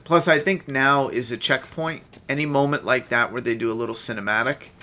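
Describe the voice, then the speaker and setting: A man's voice: mid-range voice, a little fast, pushed and bright, a little hiss or hum. A man with a stuffed-up nose giving chatty, profane, laid-back commentary while playing a game. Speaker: gameplay streamer. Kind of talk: casual gameplay commentary.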